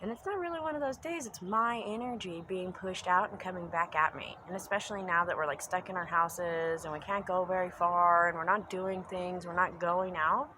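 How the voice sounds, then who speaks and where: A woman's voice: on the low side, moderate pace, hardly any pauses, pushed and bright, a little hiss or hum, poor audio. A woman giving a casual spoken reflection as a pagan spiritual vlogger at home, earnest and rambling, repeating phrases for emphasis and trailing off into asides. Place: home basement room.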